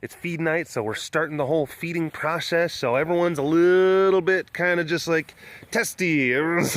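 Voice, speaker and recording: A bubbly man recording a casual outdoor walk-around vlog at a big cat sanctuary. He chats with the viewers and baby-talks to the cats. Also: a little high. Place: outdoors at an animal compound.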